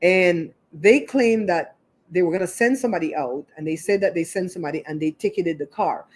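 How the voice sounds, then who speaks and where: A woman's voice: lowish voice, a little fast, darkish tone. A woman hosting her own livestream, chatting casually and retelling a neighborhood story with lots of asides. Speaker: show host.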